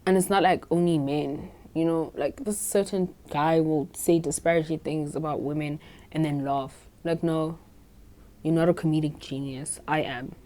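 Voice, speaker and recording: A young woman in her twenties talks through a story in a casual podcast monologue. Her voice sits low for a woman, and she speaks bluntly, swears freely and sounds completely sure of herself. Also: steady tone, normal speed, dark tone. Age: 20s. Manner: blunt, profane and self-assured. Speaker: podcast host.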